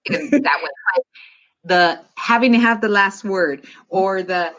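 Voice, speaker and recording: A woman in her forties, a mother talking as a guest in a casual interview, telling family stories in an animated way with laughs. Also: medium pitch, unhurried, a little hiss or hum. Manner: warm, animated storytelling with laughs.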